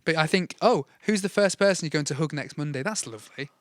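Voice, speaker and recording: A male interview host speaking quickly in a slightly high voice. He keeps the chat playful, teasing his guest and riffing on jokes. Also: a bit bright, dry recording. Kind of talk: casual live interview chat.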